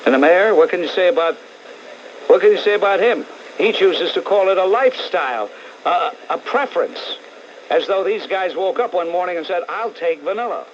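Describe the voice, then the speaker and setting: A man's voice: high voice, lively intonation, moderate pace, slight background noise. A middle-aged man with a New York accent hosting a call-in talk radio show, blunt and sarcastic, ranting at callers and listeners. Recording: muffled old AM radio tape.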